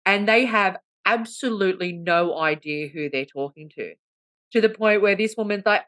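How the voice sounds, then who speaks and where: Woman cohost chatting casually, acts out the people in her stories, normal pitch. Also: normal speed, no echo. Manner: animated storytelling with mimicry. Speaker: podcast co-host. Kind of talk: casual chat.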